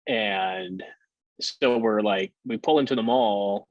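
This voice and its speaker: A man telling his story candidly in a casual interview, with halting fillers and the odd curse. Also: fairly low pitch, dry recording. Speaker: podcast guest. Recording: dull lo-fi sound.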